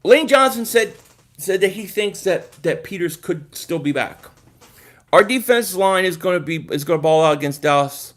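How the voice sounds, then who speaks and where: A man with a high voice hosts a live sports stream, reading out viewer comments and chatting back. He talks loosely and thinks aloud, often repeating and restarting his words. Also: lively intonation, normal speed, fairly bright tone.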